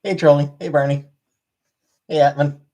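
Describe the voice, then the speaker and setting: A man's voice: a little high, fairly even intonation, moderate pace, mellow. Laid-back man greeting viewers on stream. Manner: laid-back, greets viewers one after another by name; dry, offhand replies. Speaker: live streamer. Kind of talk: casual livestream chat, reading and answering chat.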